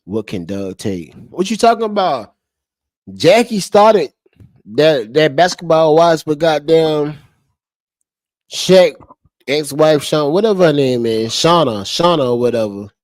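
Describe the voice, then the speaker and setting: A man's voice: fairly high pitch, expressive, unhurried, no room sound, clean studio sound. A man live-streaming to his chat, talking heatedly and profanely and repeating his points over and over. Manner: heated, profane and repetitive, restating each point. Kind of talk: unscripted live-stream commentary.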